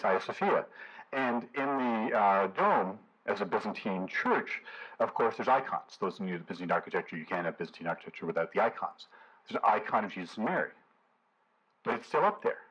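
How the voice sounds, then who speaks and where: Husky low-voiced man giving a lecture. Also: lively intonation, brisk, fairly bright tone, muffled recording. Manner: conversational, leans on "you know", hesitant fillers. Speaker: guest lecturer, professor. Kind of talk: public lecture to a community audience.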